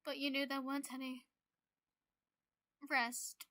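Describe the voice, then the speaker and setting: Woman reading a game story out loud, high voice, music playing under. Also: flat delivery, normal speed, clean tone, no echo. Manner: emotional, gets teary. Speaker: game player reading aloud.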